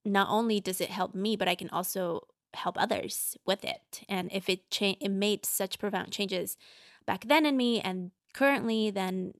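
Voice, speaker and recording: A woman's voice: medium pitch, moderate pace, no room sound, clean studio sound. A woman guest telling her story in an enthusiastic, casual way. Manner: enthusiastic, many likes.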